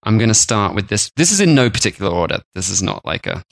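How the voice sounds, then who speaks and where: A man's voice: fairly low pitch, very animated, quick pace, creaky, no echo. A man co-hosting a food podcast, chatting casually and jokily, often slipping into silly voices for imagined people. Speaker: podcast co-host.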